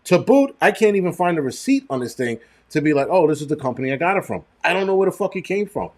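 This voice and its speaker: A man's voice: a little high, very animated, fast. Middle-aged male streamer, profane, rambling, chatty livestream commentary. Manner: rambling and profane, thanks chat viewers. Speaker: show host.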